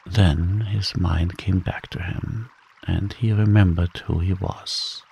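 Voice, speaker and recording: Calm man reading a bedtime fairy tale, super slow, gravelly low voice. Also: slight background noise, poor audio. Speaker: narrator.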